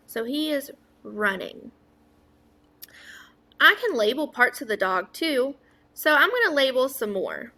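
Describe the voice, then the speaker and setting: A woman with a slightly high voice walks young children through sounding out words. She speaks slowly and clearly, drawing out each letter sound. She pauses to ask questions and offer praise. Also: big pitch swings, sharp tone. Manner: stretches out sounds, asks and praises an imagined class. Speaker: teacher. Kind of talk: slow modeled phonics lesson for young children.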